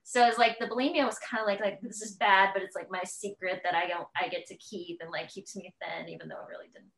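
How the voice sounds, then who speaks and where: A woman with a mid-range voice talks fast with vocal fry on a low-quality recording. As a podcast guest in a candid conversational interview, she speaks openly and with animation, often acting out the harsh voices in her head.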